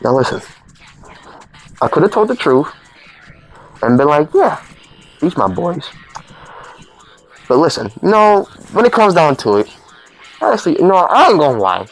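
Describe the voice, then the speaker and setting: A man's voice: on the high side, big pitch swings, a little slow, pauses often, faint music behind, rough recording. A young man telling a comedic party story in a rambling, self-correcting way, acting out his friends' lines.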